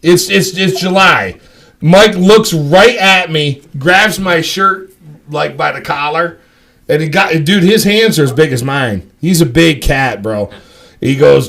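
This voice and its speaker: Gravelly, profane storytelling man. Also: fairly high pitch, a little slow. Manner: profane, rambling, animated. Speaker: storyteller on a live stream. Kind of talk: casual storytelling among friends.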